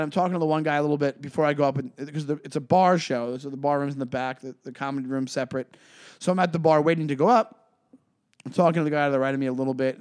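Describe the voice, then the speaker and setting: Animated man telling a story on a podcast. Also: clean tone. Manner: animated storyteller, jumps high when quoting people. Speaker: podcast co-host and comedian. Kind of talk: casual storytelling chat.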